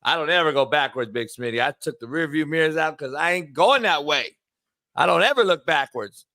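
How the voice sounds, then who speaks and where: A brash, profane man hosts a loud, casual sports talk show, reading sponsor spots and swinging between drawn-out emphasis on stretched words and quick bursts. His voice is a little high, bright and forceful, with lively intonation.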